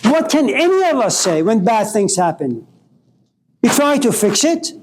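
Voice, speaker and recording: A man delivers a philosophy lecture in a high voice for a man. He keeps posing provocative rhetorical questions. A faint noise sits behind him. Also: big pitch swings, measured pace, a little mellow, rough recording.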